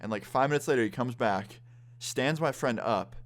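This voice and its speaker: A man's voice: medium pitch, moderate pace. A young man telling a casual storytime vlog, swearing freely as he goes. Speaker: vlogger.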